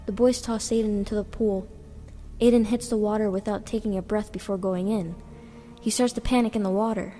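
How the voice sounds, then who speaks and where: Woman reading her short story, steady and plain, echoey room, music playing under. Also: medium pitch, fairly quick. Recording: reverberant with background music.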